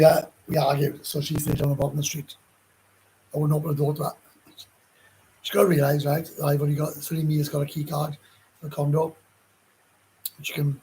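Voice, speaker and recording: A Welsh man with a gruff voice, hosting a casual live chat and answering viewer comments in a rambling, blunt way with frequent swearing. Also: fairly high pitch, a little mellow, low-quality recording. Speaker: livestream host.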